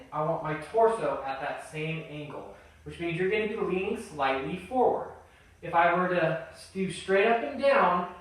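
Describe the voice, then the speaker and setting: A man's voice: on the high side, a bit bright. A male personal trainer explaining an exercise and coaching through reps in an upbeat way. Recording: echoey room, voice far from mic.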